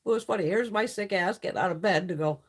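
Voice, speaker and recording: A woman's voice: medium pitch, fast talker. A middle-aged woman hosting a casual beauty live stream, chatty and blunt, swearing freely and laughing often.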